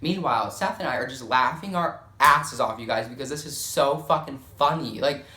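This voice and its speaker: A man's voice: medium pitch, normal speed, sharp tone, reverberant. A young man telling a dramatic storytime, swearing often and filling gaps with "like.". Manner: profane, dramatic, filler-heavy storytelling. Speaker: storytime vlogger. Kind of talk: casual storytime.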